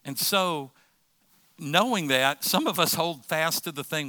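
A man's voice: on the high side, animated, a little slow, bright, forceful tone, no room sound. A middle-aged man preaching a sermon as pastor, impassioned and repeating phrases for emphasis.

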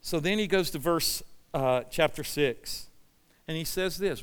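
A man preaching a passionate sermon as pastor, swinging from loud, urgent declarations down to low, quiet storytelling. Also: unhurried, clear, resonant tone, long reverb tail. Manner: passionate, rising to near-shouting then dropping low. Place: church sanctuary.

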